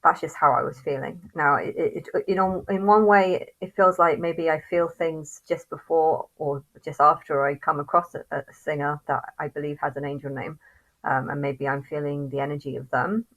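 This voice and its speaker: A woman with a fairly low voice rants straight to the camera in a vlog. She sounds angry and halting, swears freely and keeps restarting her sentences. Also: level tone, fairly bright tone, poor audio. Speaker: vlogger. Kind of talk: ranting monologue to camera.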